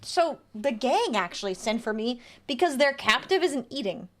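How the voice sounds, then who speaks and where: Woman, streamer, high voice, very lively pitch, playful gameplay commentary. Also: moderate pace. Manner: chatty and playful, reads game text aloud and reacts.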